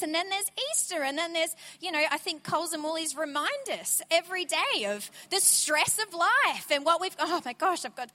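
A woman preaching an energetic, conversational sermon at church. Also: very high voice. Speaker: guest preacher. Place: church sanctuary. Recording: church sanctuary with long reverb.

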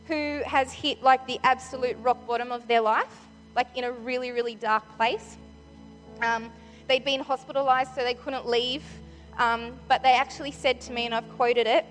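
A woman with a high voice gives a bubbly, chatty sermon into a handheld mic, her fillers tumbling out as she talks. Her words ring through a large church hall with a long reverb tail. Soft music sits faintly underneath. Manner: excitable, chatty, full of fillers like "like" and "you know". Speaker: church speaker leading the giving talk. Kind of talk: enthusiastic conversational sermon. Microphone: handheld microphone.

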